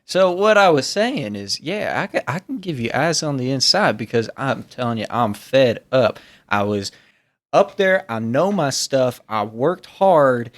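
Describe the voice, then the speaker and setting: A man playing a fed-up corporate defector who is sweaty and jittery. He pleads in earnest, rushing and restarting his sentences. His voice sits at an ordinary middle pitch for a man, in a tabletop role-play. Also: sing-song.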